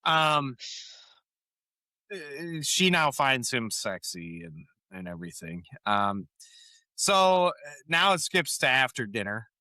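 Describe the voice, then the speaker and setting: Speaking slowly in a mid-range voice, a male podcast co-host chats through a sitcom episode, quoting and performing the characters' lines between frequent laughs. The recording has no echo.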